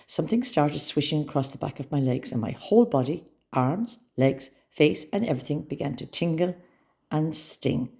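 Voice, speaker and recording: Gravelly woman reading a children's story. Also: low-pitched, a little fast, hardly any pauses. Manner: expressive, dramatic storytelling.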